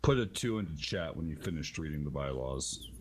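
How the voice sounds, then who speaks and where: A man's voice: a bass voice, lively intonation, fairly quick. A man joking around in a gaming voice chat, playful and teasing. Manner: playful, teasing, mock-seductive banter. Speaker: clan member in voice chat. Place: online voice chat.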